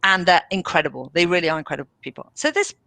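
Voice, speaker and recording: An enthusiastic woman guest on an interview podcast, telling stories in a bright, forceful voice. She slips into the voices of the people she quotes. The sound is dry and close, with little room echo. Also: lowish voice, racing, creaky. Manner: enthusiastic, animated, acts out quoted dialogue. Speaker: managing director, podcast guest. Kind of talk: casual interview storytelling.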